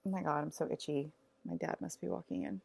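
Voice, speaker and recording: Woman vlogger, deep fry-heavy voice, rambling casual monologue full of fillers. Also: fairly even intonation, a little mellow. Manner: rambling and halting, many fillers.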